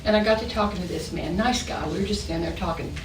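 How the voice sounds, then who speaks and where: A woman in the audience telling a personal story in a halting, gravelly way. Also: fairly low pitch. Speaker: workshop attendee. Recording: distant voice in an echoey room with noise.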